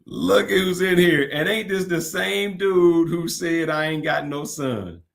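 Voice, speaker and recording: A man's voice: on the high side, takes it slowly, creaky. A man co-hosting a casual live talk stream, talking animatedly and cursing as he scrolls through comments. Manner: animated, laughing, profane, scrolling while talking.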